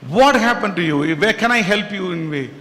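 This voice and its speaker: A man's voice: high voice, animated, normal speed, pushed and bright. A man voicing a senior manager at work who insists on knowing why a colleague is sad, pressing and repetitive. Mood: insistent. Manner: pressing, repeats himself. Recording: echoey hall.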